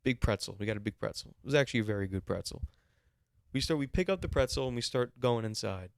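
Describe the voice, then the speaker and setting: A man's voice: mid-range voice, animated, fast, gravelly, clean tone, no echo, clean studio sound. A man co-hosting a podcast, telling a story in a casual, exasperated way and swearing freely. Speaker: podcast co-host.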